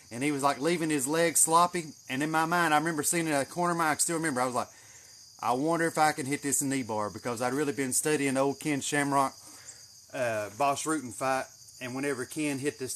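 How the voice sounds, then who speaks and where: A man telling a story in a casual, animated way, swearing heavily as he goes. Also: a little high, a little hiss or hum. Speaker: channel host. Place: greenhouse.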